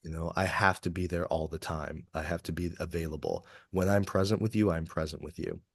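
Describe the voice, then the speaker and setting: A Kentucky executive coach, here a podcast guest, speaks fairly quickly in a deep, steady voice that's creaky and slightly rough. He's earnest and reflective and shares his feelings openly. The studio recording is clean, with no echo.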